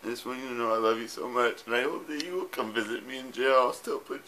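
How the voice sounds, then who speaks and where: A husband talks quickly in a bright, forceful medium-pitched voice while filming a tearful goodbye to his wife himself. His tender message rambles, with fillers and swearing, and slight background noise can be heard.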